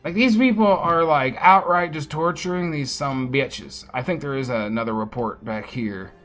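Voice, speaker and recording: A man streaming a fantasy role-playing game, commenting casually and excitably and swearing freely as he reacts to the game. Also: on the high side, moderate pace, faint music behind. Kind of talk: live gameplay commentary.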